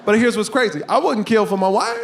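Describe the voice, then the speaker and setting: A man performing a stand-up comedy set on stage, telling stories with sudden shouted punchlines. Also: sits high, very animated, brisk, gravelly, heavy background noise. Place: comedy stage before a live audience.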